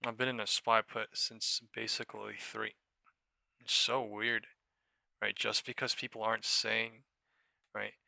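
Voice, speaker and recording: Young guy streamer, low bright voice, cussing and roasting chat, dry close mic. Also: little pitch movement, unhurried, gravelly, no echo. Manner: profane, mocking, reacts to chat. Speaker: live trading streamer. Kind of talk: casual livestream commentary.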